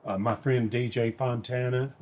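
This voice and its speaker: An older man, hosting and telling animated stories about his paintings and friends. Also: mid-range voice, moderate pace. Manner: animated storyteller, quotes friends in their voices. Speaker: host, singer and painter. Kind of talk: storytelling conversation.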